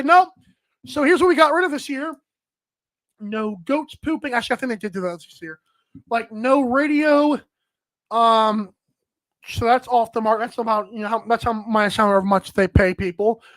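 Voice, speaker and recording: High-voiced woman ranting about sports. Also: a little fast, no echo. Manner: rambling, exasperated, many fillers. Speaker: sports podcast host. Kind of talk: casual sports talk rant.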